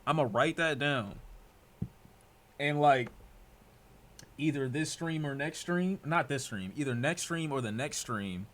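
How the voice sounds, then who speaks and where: A young man from Detroit streaming, talking to his chat in reaction commentary, excitable and profane, dropping to mutters and bursting out loud. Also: on the high side, a little slow, long pauses. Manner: excitable, swearing, jumps from mutters to loud outbursts.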